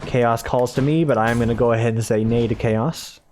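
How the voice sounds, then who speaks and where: A man's voice: mid-range voice, steady tone, fairly quick, a little mellow, slight background noise. A man hosting a gaming video, giving casual let's-play commentary with rambling, self-mocking asides.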